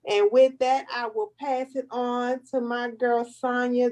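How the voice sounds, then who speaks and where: A woman hosts a money segment in a lively, slangy style and hypes up her intro. Her voice sits slightly high. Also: a little slow, hardly any pauses, poor audio. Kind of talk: casual live-stream chat.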